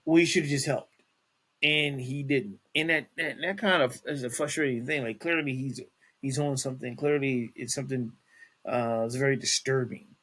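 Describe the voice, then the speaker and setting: A man's voice: medium pitch, fairly even intonation, moderate pace, a bit bright, breathy edge. A man hosting a casual celebrity news podcast, talking in a rambling way with many restarts and fillers. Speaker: podcast host.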